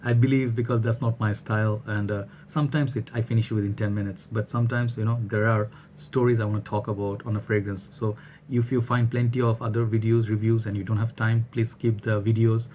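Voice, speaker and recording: Man, casual review vlog, rambling and chatty, flat even delivery, faint background noise. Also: lowish voice, fairly quick. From Bangladesh. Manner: chatty and rambling, often checks in with "all right?". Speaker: fragrance reviewer.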